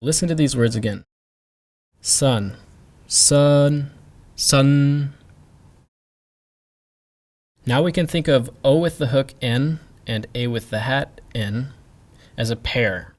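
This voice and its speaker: A man teaching a pronunciation lesson, explaining each sound deliberately and repeating sample words for the learner to hear. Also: mid-range voice. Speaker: language teacher.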